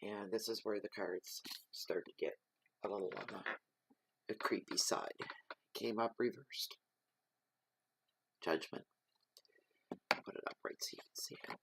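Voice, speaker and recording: A man giving a slow, reflective spoken tarot reading, reading card keywords aloud. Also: fairly low pitch, steady tone, vocal fry, fairly bright tone, slight background noise. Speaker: tarot reader.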